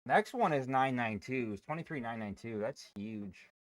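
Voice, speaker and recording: A man's voice: mid-range voice, expressive, moderate pace, no echo. A man hosting a day-trading livestream, chatting casually, joking and swearing. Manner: joking, loose and profane.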